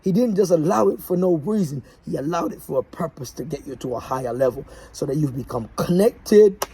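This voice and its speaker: A man's voice: on the high side, animated, brisk, gravelly, dark tone, breathy edge. Preachy man giving a motivational message. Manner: preachy, repetitive and rallying. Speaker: motivational speaker.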